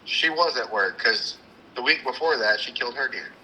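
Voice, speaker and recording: A man, co-hosting a hunting show, telling an animated story with acted-out quotes and sounds. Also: medium pitch, normal speed, a little hiss or hum, rough recording. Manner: animated, acts out the scene with quoted lines and sound imitations. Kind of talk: casual storytelling chat.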